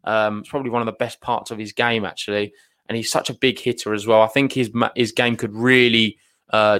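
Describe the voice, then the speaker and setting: Man, podcast co-host, hedging repetitive chat, smooth voice. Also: mid-range voice, fairly bright tone. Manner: earnest, hedging, repeats himself. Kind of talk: casual chat.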